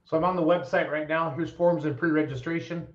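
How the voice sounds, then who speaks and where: A man with a slightly high voice talks fairly quickly while hosting a live pulling show stream from his home. He's chatty and upbeat, a lively promoter reading out viewer comments, and the stream audio is dull and lo-fi.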